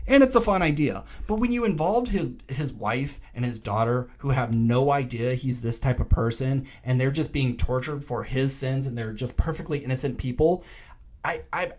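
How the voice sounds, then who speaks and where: A young adult man co-hosting a podcast, retelling a movie plot in a casual, animated way and acting out the quotes. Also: mid-range voice, normal speed. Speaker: podcast co-host. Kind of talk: casual movie recap chat.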